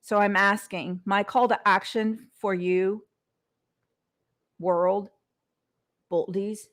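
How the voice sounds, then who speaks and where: On her motivational podcast, a host and coach talks earnestly off the cuff, with repeated words and frequent restarts. She speaks slowly in a steady, mid-range voice that is a bit bright.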